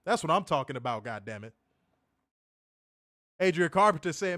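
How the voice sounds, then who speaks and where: A man casually reviewing a wrestling show on a livestream, animated and profane, full of slang, reading viewer chat aloud. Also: a little high, fairly quick, long pauses, dry recording, clean studio sound.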